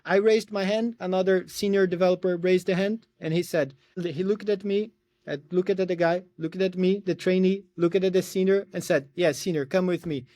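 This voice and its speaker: A man's voice: high voice, fairly even intonation, normal speed, mellow, dry recording, clean studio sound. A man in his thirties from Brazil with a Brazilian Portuguese accent, a podcast guest telling stories casually over a video call, hesitant and full of fillers. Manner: hesitant, with frequent restarts and fillers. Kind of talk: casual storytelling.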